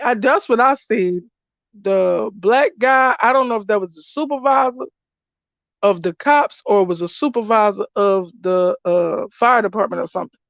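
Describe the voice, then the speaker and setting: A woman's voice: fairly high pitch, no room sound. A woman giving casual spoken commentary as a spiritual reader, blunt, emphatic and freely swearing. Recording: dull lo-fi dry recording.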